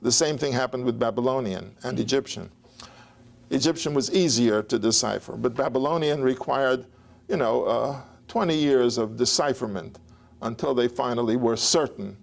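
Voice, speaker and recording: A man's voice: medium pitch, normal speed, gravelly. A man lecturing on ancient history in a digressive, anecdotal way, with chuckles and restarts. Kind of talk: academic lecture.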